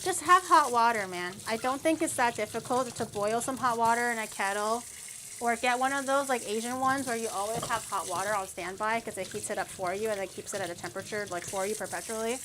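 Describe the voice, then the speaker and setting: A woman's voice: on the high side, a little fast, noisy background. A woman streamer chatting casually with her viewers while baking in her kitchen, playful and teasing as she reacts to chat. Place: home kitchen.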